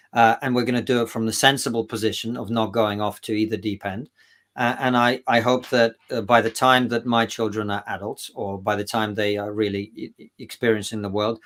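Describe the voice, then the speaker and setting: A man's voice: on the low side, a bit bright. A man speaking as an interview guest, emphatic, restarting his sentences often. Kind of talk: casual interview talk.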